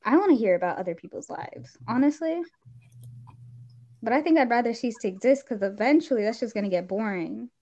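A teenage girl in casual chat, animated, with quick asides and expressive exclamations. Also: fairly high pitch. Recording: dull lo-fi sound.

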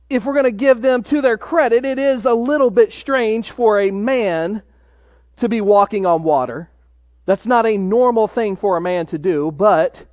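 A man preaching a sermon in a measured way, dropping to a hush for emphasis. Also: high-pitched, dry recording, studio quality. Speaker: pastor.

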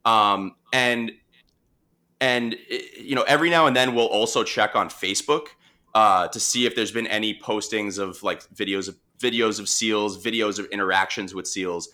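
A young man with a Long Island accent, telling a work story in a relaxed, chatty way, with lots of restarts and fillers. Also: on the low side, normal speed. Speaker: marine mammal responder. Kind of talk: casual storytelling conversation.

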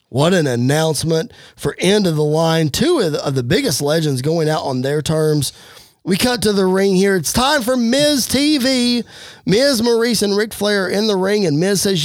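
A man giving energetic play-by-play wrestling commentary over a game. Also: high voice, moderate pace, no echo, studio quality. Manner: energetic play-by-play, occasional slips. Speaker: game narrator.

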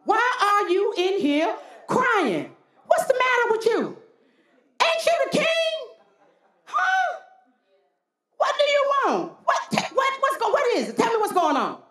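Woman putting on a shrill scolding queen. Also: wildly swooping pitch, a little slow, long pauses, heavily acted. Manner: sharp, scolding questions. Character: scornful bossy queen, grown woman. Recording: roomy church hall echo.

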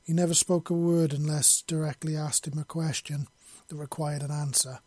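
A man narrating a fantasy story in a steady, measured read. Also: a little high, no echo.

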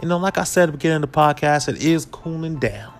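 A man's voice: fast, soft background music. A man hosting a podcast, ranting in a casual, comedic way, swinging his voice up and down. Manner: animated, swings pitch and volume, drops to a low put-on voice at times. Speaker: podcast host.

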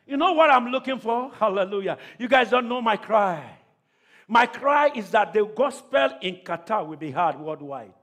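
A man preaching a sermon to a church congregation, calling out questions to the crowd and often shouting. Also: sits high, animated, normal speed. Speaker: pastor.

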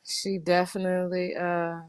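Low-voiced woman host, dry close sound. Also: completely flat delivery, measured pace, a little mellow, smooth, dry recording. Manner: emphatic, repeats words. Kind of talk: casual tribute chat.

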